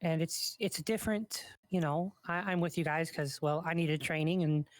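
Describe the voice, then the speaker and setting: A woman's voice: low voice, normal speed, no room sound. A woman chatting in character during a live role-play, reassuring another character and narrating her own actions as she goes.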